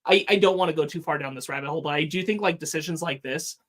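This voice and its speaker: A man's voice: fairly high pitch, quick pace, fairly bright tone. A man co-hosting a podcast, talking earnestly and thinking aloud with restarts. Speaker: podcast co-host. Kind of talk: casual podcast chat.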